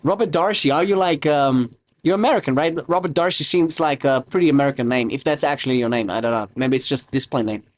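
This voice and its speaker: A young Romanian streamer talks in a loose, rambling way while he cooks. His accent is a mix he picked up online, and his voice sits a bit high for a man. He keeps breaking off to read and answer his chat. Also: fast talker. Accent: mixed, mostly learned online. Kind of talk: casual livestream chat while cooking.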